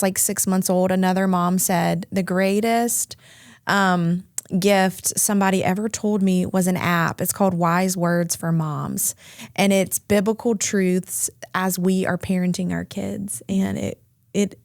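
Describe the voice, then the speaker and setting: A woman's voice: mid-range voice, little pitch movement, a little slow, clean tone, no room sound, clean studio sound. A woman hosting a podcast, responding in an affirming, reflective way. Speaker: podcast host. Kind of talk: podcast conversation.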